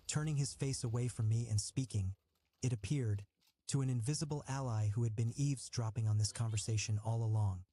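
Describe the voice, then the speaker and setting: A man reading a novel aloud in a measured, reflective first-person narration. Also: mid-range voice, dark tone. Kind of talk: audiobook reading.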